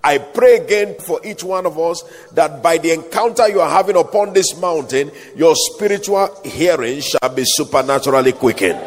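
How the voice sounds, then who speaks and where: A man preaching a sermon, calling for amens, with a sing-song, emphatic delivery and slow, drawn-out stresses. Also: fairly high pitch, big-room sound.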